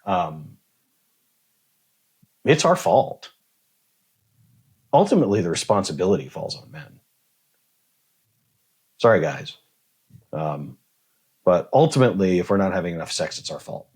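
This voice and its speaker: Blunt, husky-voiced man telling stories. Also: low-pitched, a little slow, long pauses. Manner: blunt and profane, swears freely; animated storyteller, acts out dialogue. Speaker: podcast guest. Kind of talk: casual conversation.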